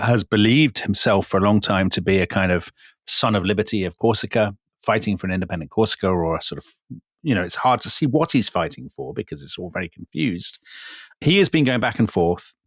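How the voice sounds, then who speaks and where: A man with a lowish voice co-hosting a casual history podcast. He narrates events conversationally, checking in with tag questions. The sound is dry and close. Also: no echo. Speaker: podcast co-host.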